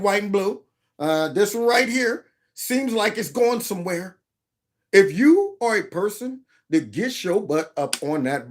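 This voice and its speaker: A man hosting a commentary channel, reacting to video clips with exclamations and mock quotes. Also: high-pitched. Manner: animated, exclaiming, mock-quoting others.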